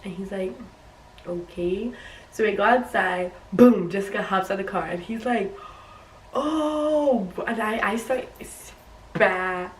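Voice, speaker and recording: A young woman tells a story for her vlog, bouncing between voices as she quotes people. Her voice has a middle pitch. The sound is roomy and a little distant, with faint noise behind it. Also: unhurried. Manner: animated retelling, acts out quotes. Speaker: YouTuber.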